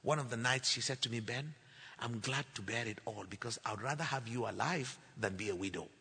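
A man preaching a sermon, telling a story and acting out the dialogue, building to loud declarations. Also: mid-range voice, a little fast, vocal fry, husky. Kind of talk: sermon testimony. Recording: long hall reverb.

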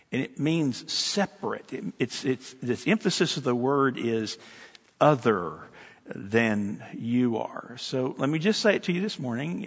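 Pastor, male, slow deliberate sermon, husky tone, big reverberant hall. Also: medium pitch. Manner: earnest, repetitive preaching with restarts. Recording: long reverb of a large hall.

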